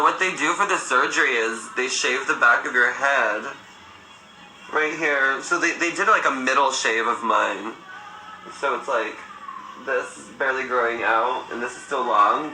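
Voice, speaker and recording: A young man in his twenties talks on a phone livestream in a campy, sassy way, his voice sharp and very bright. The room is echoey, with faint music playing behind him. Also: medium pitch. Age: 20s. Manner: sassy, campy storytelling, swears freely, laughs often. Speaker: livestream host. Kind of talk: casual livestream chat.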